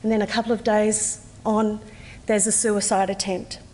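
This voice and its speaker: An Australian woman in her forties gives a measured, earnest personal testimony at a conference, with slow, deliberate pauses. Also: medium pitch, level tone, a little mellow, long reverb tail. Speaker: conference speaker. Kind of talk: personal testimony, read aloud. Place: conference hall.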